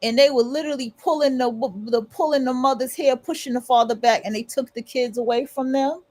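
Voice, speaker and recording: High-voiced woman chatting on a livestream. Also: steady tone, a little fast, darkish tone. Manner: rambling, conversational, with frequent restarts and profanity. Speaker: livestream host. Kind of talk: casual livestream monologue.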